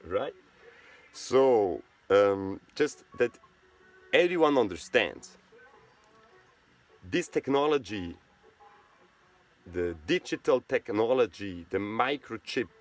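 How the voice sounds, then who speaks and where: Swiss german accent guy just talking on and on, keeps saying right?, repeats himself a lot. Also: mid-range voice. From Switzerland. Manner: rambling, repeats words, asks "right?". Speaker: channel host. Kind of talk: casual monologue.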